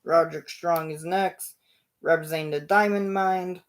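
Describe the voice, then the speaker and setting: A man hosting his own show, narrating imagined wrestling action in a casual play-by-play, punctuated with loud sound-effect bursts. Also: on the high side, steady tone, moderate pace, a little hiss or hum. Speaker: show host.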